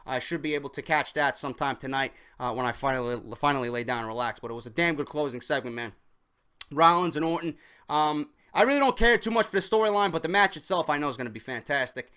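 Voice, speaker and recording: A man's voice: a little high, fast, bright, forceful tone, smooth. A young man casually reviewing a wrestling show, enthusiastic and rambling, swearing constantly.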